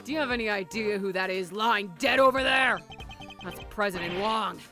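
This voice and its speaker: A woman's voice: mid-range voice, moderate pace, sharp tone. A woman voicing a hot-headed male police agent who barks accusations, over game music. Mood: gruff. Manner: barking, accusing.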